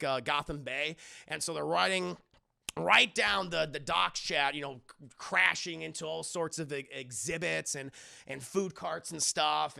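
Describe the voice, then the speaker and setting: A man's voice: on the high side, gravelly, bright, forceful tone. A man recapping a cartoon episode for a live-stream chat in a rambling, profane, casual way, often addressing the chat. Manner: rambling, cursing, talks to chat.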